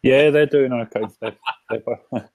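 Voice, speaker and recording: A man with a British accent hosting a casual live-stream chat from his front room, talking in a halting way with restarts and fillers. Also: medium pitch, fairly even intonation, a little mellow, no room sound. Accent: British English. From Britain. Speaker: host.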